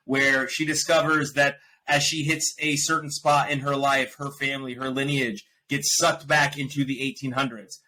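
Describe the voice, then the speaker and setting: Animated bright-voiced man ranting. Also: medium pitch, slight background noise, rough recording. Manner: animated, ranting, laughs often. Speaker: podcast host reviewing films and shows. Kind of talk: casual review chat.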